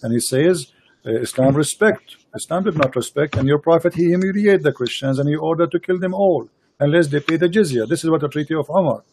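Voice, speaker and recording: A man hosting a heated online debate, insistent and repetitive, speaking halting non-native English into a computer mic. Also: on the high side, a little mellow, slight background noise. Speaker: host of a live debate stream.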